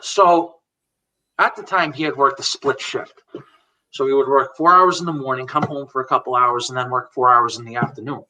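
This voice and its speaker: A man's voice: medium pitch, steady tone, normal speed, bright, forceful tone. A man in his forties, a guest in a live chat, candidly telling a personal story and retelling conversations line by line. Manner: candid, retells conversations word for word, laughs now and then. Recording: voice a bit far from the mic.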